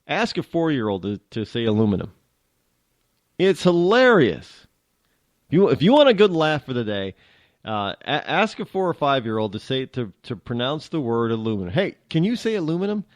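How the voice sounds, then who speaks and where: A man's voice: mid-range voice, big pitch swings, normal speed, no echo. A man from New hosting a radio show, talking in a rambling, joking way that keeps interrupting itself. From New England. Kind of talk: casual talk radio monologue.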